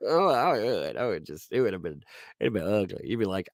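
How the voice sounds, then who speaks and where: Give me a sarcastic male streamer with a lively, bouncing pitch, recorded dry and close. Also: normal speed, long pauses, no echo. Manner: mocking, sarcastic, laughing often; puts on squeaky mocking voices when quoting people. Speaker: live-stream host. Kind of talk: live-stream commentary reading chat.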